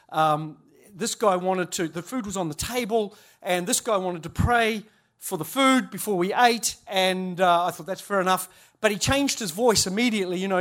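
A man's voice: high voice, fairly bright tone. A man, a church leader giving a humorous storytelling talk at a conference, chatty and self-interrupting, laughing at his own stories.

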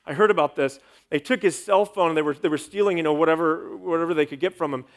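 A man's voice: on the high side, quick pace. A man, a pastor, giving an emphatic sermon with a sarcastic edge.

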